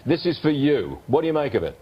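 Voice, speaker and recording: A man anchoring cable news, throwing questions to his panel in a measured way. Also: medium pitch, sing-song, dull audio, a little hiss or hum.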